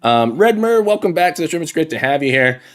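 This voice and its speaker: A man's voice: fairly high pitch, very animated, brisk, a bit bright. A man hosting a live coding stream, thinking aloud as he types and chatting with viewers in a self-deprecating way. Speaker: livestream coding host. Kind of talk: casual live-coding chat. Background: faint background music and keyboard typing.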